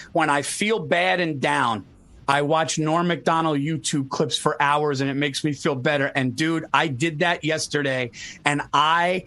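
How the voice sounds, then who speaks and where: A man on a video call retells stories in an animated rush, cursing freely and calling his guest dude. His voice is pitched high for a man. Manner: animated storytelling, swears a lot, says dude. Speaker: podcast host. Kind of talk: casual chat.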